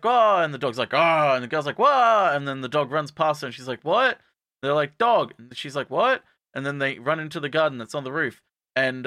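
A man casually recapping an anime for a podcast, acting out the characters' lines in quick, jumpy put-on voices. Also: sharp tone, no room sound, studio quality. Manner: acts out characters in quick quoted voices, jumping up in pitch.

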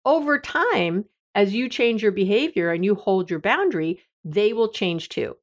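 A middle-aged woman hosts an advice podcast as a therapist. She speaks candidly and conversationally, with a self-deprecating streak. Her voice sits at an ordinary, mid-range pitch. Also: lively intonation, normal speed.

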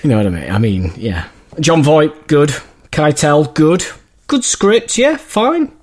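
A man with a lively, moving pitch gives his take on a film. He hesitates, fills gaps with ums and lets sentences trail away. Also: measured pace. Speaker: podcast co-host. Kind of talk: casual film review chat.

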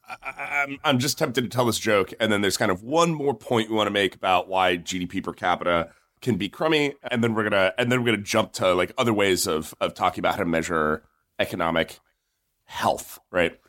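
A man co-hosting an economics discussion, explaining in a casual, animated way and telling a joke with voiced characters. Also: lowish voice, brisk.

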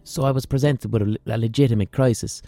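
An Irish man telling a profane, ranting comic story on his podcast, with animated asides. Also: mid-range voice, fast, no room sound, faint music behind. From Ireland. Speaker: comedian and podcast host.

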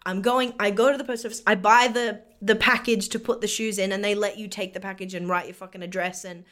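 A woman's voice: medium pitch, fairly even intonation, a little fast, a bit bright. A young woman co-hosting a comedy podcast, telling a story casually with lots of swearing and acting out both sides. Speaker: podcast co-host.

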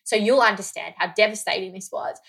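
Bright-voiced woman telling a story. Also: medium pitch, brisk, creaky, slightly rough. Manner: animated, swears freely, acts out quoted dialogue. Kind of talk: casual chat, storytelling.

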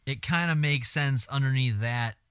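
A man's voice: medium pitch, normal speed, fairly bright tone, clean tone, no room sound, studio quality. A man co-hosting a podcast, chatting casually in a wry, rambling, profane way about songs. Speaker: podcast co-host. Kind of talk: casual chat reacting to songs.

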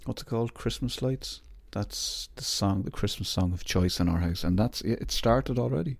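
A man's voice: fairly low pitch, normal speed, gravelly, dry recording. A man hosting his podcast in a rambling, self-mocking casual chat. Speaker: podcast host.

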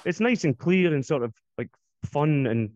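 A man's voice: on the high side, lively intonation, moderate pace, darkish tone, lo-fi sound. A man, co-hosting a podcast in a rambling casual chat. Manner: chatty, rambling with restarts. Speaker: podcast co-host.

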